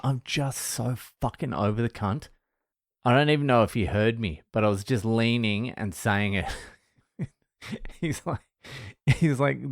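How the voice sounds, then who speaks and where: A man's voice: on the low side, normal speed, no room sound, studio quality. Sweary man ranting casually. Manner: blunt, sweary, animated ranting with mocking voices. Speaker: vlogger, comedian. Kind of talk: casual profane storytelling vlog.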